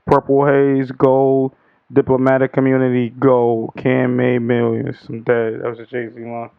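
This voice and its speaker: A man's voice: mid-range voice, completely flat delivery, unhurried, smooth. A man hosting a podcast, chatting casually in loose slangy banter. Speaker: podcast host. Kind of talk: casual chat about hip-hop and news. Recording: dull lo-fi sound.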